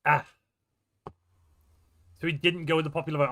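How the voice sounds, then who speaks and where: Streaming a strategy game, this man answers his chat in a casual, jokey way. His voice is on the high side and sharp, delivered flatly at a moderate pace.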